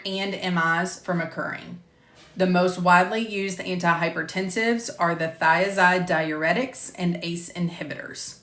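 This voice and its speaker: Low-voiced woman reading medical lecture. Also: fairly bright tone, roomy sound. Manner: measured, careful reading of drug terms, self-correcting. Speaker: medical coding instructor. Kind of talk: recording lecture narration, with casual asides. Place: home room with door closed.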